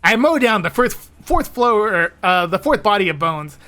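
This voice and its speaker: A woman's voice: medium pitch, sing-song, normal speed, fairly bright tone. A woman streamer narrating a visual novel read-along with a giggly, playful, chatty manner.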